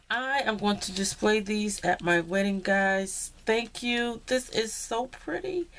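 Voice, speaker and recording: Speaking slowly in a fairly high voice, a crafting vlogger unboxes handcrafted cards in a laid-back happy-mail video. She's thrilled and effusive, tossing in plenty of "y'all."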